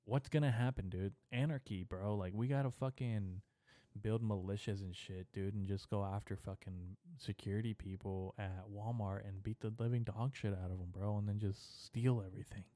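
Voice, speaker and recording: Guy rambling and cussing through a comedy bit, mellow voice, dry sound. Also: on the low side, steady tone, moderate pace, no echo. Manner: profane, rambling, stream-of-consciousness. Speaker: podcast host.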